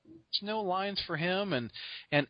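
A man hosts a podcast in a high, lively voice that bounces all over. He rambles and restarts his sentences, laughing as he goes. The sound is dry and dull, like a lo-fi home recording. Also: a little slow, dry recording. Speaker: podcast host. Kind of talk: casual storytelling chat.

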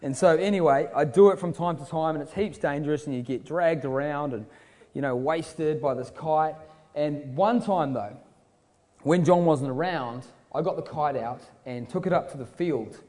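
New Zealand preacher in a reverberant hall. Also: male voice, fairly high pitch, moderate pace, darkish tone. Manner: casual, joking asides to the crowd. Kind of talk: sermon with storytelling.

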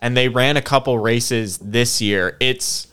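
A man's voice: mid-range voice, a little slow, a bit bright, clean tone. A young man with a Michigan accent, co-hosting a casual podcast. He talks bluntly, swears casually, and rambles with hesitant ums. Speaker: podcast co-host.

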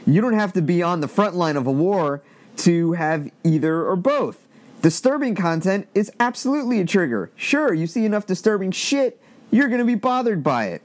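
A man's voice: sits high, big pitch swings, moderate pace. A man in casual commentary, reading quoted text aloud and adding blunt, exasperated asides with free swearing. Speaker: commentator reading an online thread.

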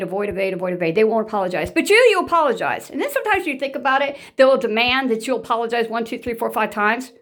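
A woman's voice: fairly high pitch, fairly bright tone. A woman talking straight to her viewers in a casual monologue. She is blunt and emphatic, repeats herself for emphasis, and swears freely.

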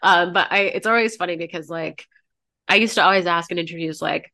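A woman talks on a podcast with a stuffy head cold, her voice thick and nasal. She rambles casually, full of "like" and little restarts, in a slightly lower register. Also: steady tone, a little fast, sharp tone, no room sound. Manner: chatty, rambling with many fillers and laughs. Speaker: author being interviewed, podcast co-host.

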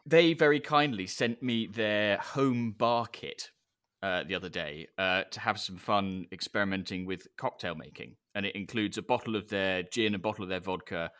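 A man's voice: on the low side, normal speed, a bit bright, clear, resonant tone. A man co-hosting a podcast, chatting casually and explaining things at length with plenty of fillers. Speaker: podcast co-host.

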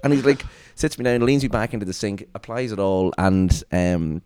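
A man hosting a podcast, telling a long anecdote in casual chat, animated and quick, slipping into put-on voices for the people he quotes. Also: lowish voice, a little hiss or hum. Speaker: podcast host.

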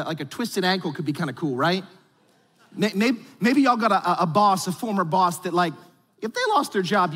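A man's voice: sits high, a bit bright, slightly rough. A man preaching a conversational, joking sermon to his congregation in a church. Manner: playful, joking, talks straight to the congregation. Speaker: pastor. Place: church sanctuary. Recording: long reverb from a large hall.

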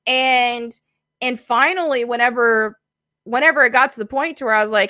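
Woman in her thirties, podcast guest; high, bright voice, candid and quick to laugh, dry close sound. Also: dry recording. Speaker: guest content creator. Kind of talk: casual podcast interview.

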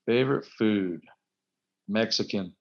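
A wrestler chats casually as an interview guest, rambling through self-deprecating stories. He speaks slowly in a fairly low voice with vocal fry, and the recording is dull and lo-fi.

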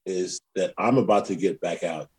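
A man, a comedian guesting on a podcast, deadpan and mock-intense. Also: sits low, moderate pace, slightly rough. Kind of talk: casual podcast chat.

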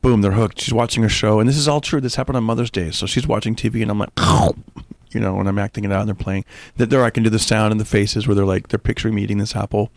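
A man who is a stand-up comedian, telling stories in a rapid, animated way in casual chat. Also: fairly low pitch, vocal fry, no room sound. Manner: rapid, animated storytelling with voices.

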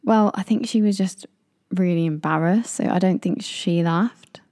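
A woman's voice: on the low side, moderate pace, warm tone, no room sound, studio quality. A young English woman chatting casually as a podcast co-host, telling stories and acting out what people said. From England. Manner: chatty storyteller, acts out quotes in raised voices. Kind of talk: casual chat.

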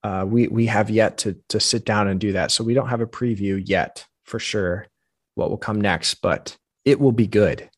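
A man's voice: lowish voice, moderate pace, breathy edge, no echo, studio quality. A man co-hosting a casual faith podcast, talking through ideas in an earnest, reflective way. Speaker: podcast co-host.

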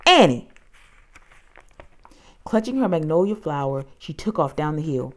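A woman narrating a children's storybook in an expressive, dramatic way. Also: low-pitched, fairly quick.

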